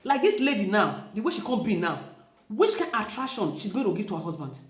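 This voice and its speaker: Nigerian lady ranting to camera, pitch swinging all over, echoey room, kinda dull lo-fi sound. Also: big pitch swings, fast. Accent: Nigerian Pidgin-inflected English. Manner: emphatic, preachy, repeats herself. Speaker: vlogger. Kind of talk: casual commentary to camera.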